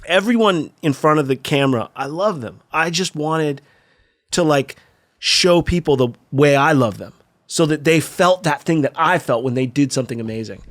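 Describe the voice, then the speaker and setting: A man's voice: fairly high pitch, lively intonation, moderate pace. A middle-aged man from California, a skate video filmer, telling a story casually in a podcast interview, profane and acting out the voices of the people he quotes.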